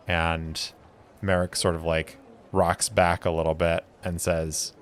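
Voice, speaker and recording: A man's voice: deep voice, monotone, slow pace, clean tone. A man narrating a solo tabletop game as game master, thinking aloud as he rolls.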